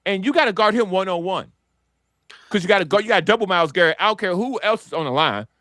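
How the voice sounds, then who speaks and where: Lively guy on a sports pod, pitch jumping all over, dry close sound, fires off rhetorical questions. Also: quick pace, no room sound. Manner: animated, rhetorical questions, hype. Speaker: sports podcast co-host. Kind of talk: casual sports debate.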